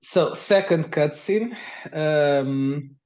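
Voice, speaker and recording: A man running a tabletop game as game master, narrating haltingly with many restarts. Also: fairly high pitch, a little mellow, lo-fi sound.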